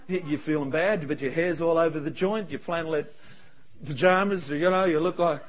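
A man preaching a sermon as pastor, animated, acting out quoted voices with quick asides. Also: on the high side. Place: church service. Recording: dull lo-fi sound.

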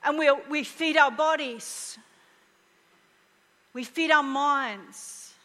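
High bright woman preaching, echoing hall. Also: drawn-out words. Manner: animated, humorous, dropping to a hushed voice for emphasis. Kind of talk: conversational sermon.

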